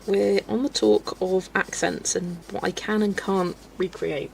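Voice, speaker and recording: A woman's voice: medium pitch, steady tone, takes it slowly, gravelly, a little hiss or hum, poor audio. Giggly woman chatting on a live stream. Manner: chatty and giggly, reading viewer comments aloud. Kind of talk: casual live-stream chat.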